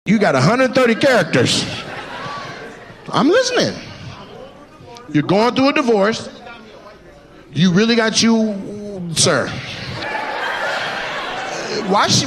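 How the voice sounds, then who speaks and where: A brash male comedian works the crowd in a fairly high voice that swings up and down with lively energy. His teasing is profane and quick to land, and it is recorded live in a venue with an audience and steady background noise. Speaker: stand-up comedian. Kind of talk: crowd work stand-up.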